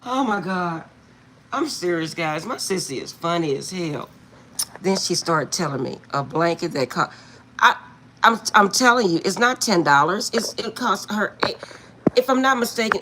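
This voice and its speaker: A woman's voice: fairly low pitch, fairly bright tone, a little hiss or hum. A middle-aged woman card reader chatting casually with viewers, laughing often as she tells a story, recorded at home on a phone. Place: at home, indoors.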